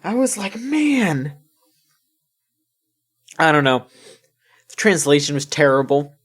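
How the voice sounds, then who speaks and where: A man's voice: a little high, normal speed. Ranting, foul-mouthed podcast co-host man. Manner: ranting, profane, animated. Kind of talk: casual gaming podcast chat.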